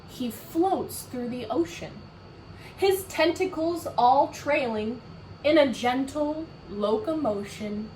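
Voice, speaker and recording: A woman teacher reading a picture book aloud to children, animated and full of questions, with a roomy echo from a distant mic. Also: a little high, a little hiss or hum. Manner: animated, asks questions, laughs.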